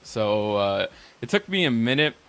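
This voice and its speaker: Male streamer, casual profane storyteller, mid-range pitch, replays conversations line by line. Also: big pitch swings, measured pace, fairly bright tone. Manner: rambling, profane, quotes others back and forth. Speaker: streamer recounting a roleplay session.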